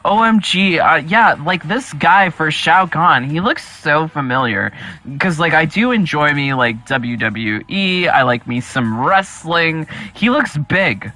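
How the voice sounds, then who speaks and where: A man co-hosting a casual live stream, reading chat comments aloud and reacting with excitable, exclamatory energy. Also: a little high, measured pace. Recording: music playing behind the voice.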